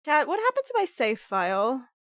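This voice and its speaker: A fairly high-voiced woman chats with her stream while playing, her voice nasal and stuffed up from being sick. She rambles in an animated way, leaning on fillers. The sound is dry, with no room around it. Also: normal speed, dry recording. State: sick, nasal with a clogged nose. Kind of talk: casual live-stream chat.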